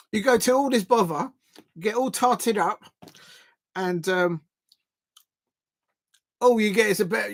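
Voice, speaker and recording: Chatty man calling football live. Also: sits high. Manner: chatty and excitable, chats to viewers between bursts of play-by-play. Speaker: watch-along streamer. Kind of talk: live football watch-along commentary.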